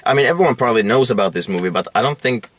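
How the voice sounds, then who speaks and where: A man co-hosting a casual chat about a film, talking in a rambling, halting way with many restarts. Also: medium pitch, expressive. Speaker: podcast co-host.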